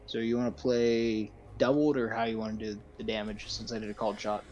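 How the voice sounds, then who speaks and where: A man playing a tabletop game who talks in a relaxed, hesitant way. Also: lowish voice, fairly quick, slight background noise. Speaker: player. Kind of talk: casual game chat.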